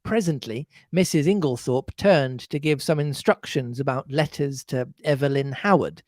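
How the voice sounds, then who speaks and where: A podcast co-host reading a classic mystery aloud in an expressive, animated way. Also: medium pitch, normal speed, no echo. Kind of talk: reading a novel aloud with chat.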